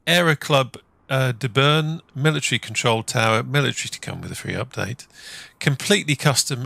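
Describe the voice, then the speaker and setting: A man hosting a flight simulator video, chatting in a relaxed, casual way and filling gaps with "uh". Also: mid-range voice, gravelly, no echo. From England. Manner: relaxed, chatty, lots of "uh" fillers. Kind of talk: casual gameplay commentary.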